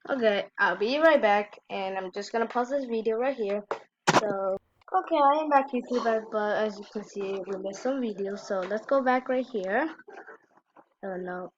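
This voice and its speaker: Reacting casually to fail clips as a YouTuber, a woman blurts out short exclamations in a mid-range voice at normal speed. The dry, dull lo-fi recording has a little hiss or hum.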